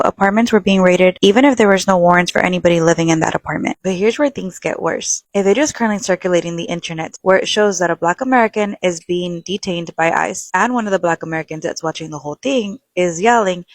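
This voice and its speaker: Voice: mid-range voice, gravelly, no room sound. Earnest, insistent commentator, dry close sound. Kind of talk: social media commentary.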